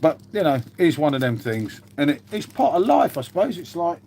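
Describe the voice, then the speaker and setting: Male streamer, slightly raised pitch, rambling chatter, casual swearing. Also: big pitch swings, brisk, warm tone, slight background noise. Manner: rambling, laid-back, swears freely, says mate constantly. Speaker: livestreamer answering chat. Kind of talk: casual live-stream chat.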